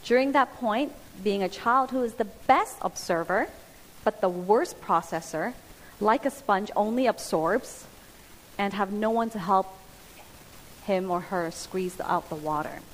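A woman giving a sermon, speaking earnestly with pauses and restarts. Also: mid-range voice. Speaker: preacher. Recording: hissy hall with long reverb.

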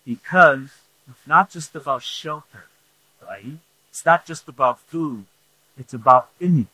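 A man's voice: a little high, unhurried, bright, forceful tone, dry recording, rough recording. A man preaching a sermon who restates his points and keeps asking the congregation "right?". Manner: repeats points, asks the room "right?". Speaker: pastor.

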